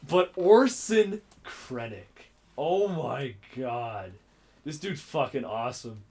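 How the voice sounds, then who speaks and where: A young man co-hosting a podcast, chatting casually about films, excitable and profane, acting out scenes with loud outbursts. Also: mid-range voice, slow pace, slightly rough. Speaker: podcast co-host. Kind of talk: casual film chat.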